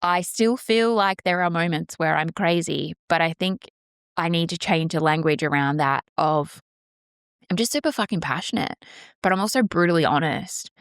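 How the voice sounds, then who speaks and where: A woman with a fairly low voice hosts a solo podcast, speaking earnestly and with emphatic passion. Her voice is recorded close and dry, with no room sound around it. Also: moderate pace, smooth, no echo. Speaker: podcast host. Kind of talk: candid solo podcast monologue.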